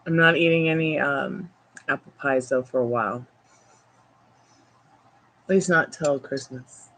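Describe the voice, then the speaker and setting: A woman's voice: deep voice, a little slow, fairly bright tone, rough recording. A woman hosting a casual livestream, chatting in a rambling way full of fillers while outdoors at home. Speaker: tarot reader livestream host.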